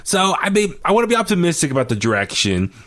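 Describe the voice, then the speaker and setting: A man's voice: on the high side, sing-song, quick pace, fairly bright tone. A middle-aged man co-hosting a casual wrestling review podcast, rambling and often searching for names with many fillers. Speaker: podcast co-host.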